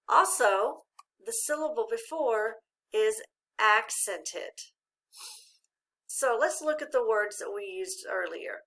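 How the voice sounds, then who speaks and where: A woman teaching a phonics lesson to children, spelling letters out slowly and praising often. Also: medium pitch, vocal fry, pushed and bright. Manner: slow, drawn-out spelling of letters with encouraging praise.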